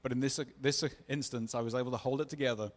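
Preacher giving a testimony, earnest, mid-pitched man, echoing hall. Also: fairly even intonation, quick pace. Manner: earnest, confessional, acts out dialogue. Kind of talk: sermon testimony storytelling. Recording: long reverb of a large hall.

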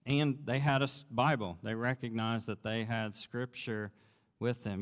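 A male pastor delivers a sermon in a plain, middle-pitched voice. He tells his story earnestly and conversationally, building into animated retelling. A long reverb tail trails his words around a large hall. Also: unhurried.

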